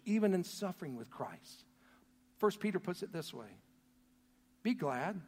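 A man preaching a sermon, telling a story earnestly, his voice swelling loud and then dropping to a near hush. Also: a little high. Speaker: pastor. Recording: long hall reverb.

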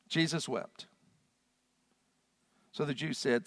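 A man preaching a sermon, swinging from hushed, low lines to loud, shouted ones. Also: animated, normal speed, pauses often. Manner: dramatic swings from quiet to shouting. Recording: long hall reverb.

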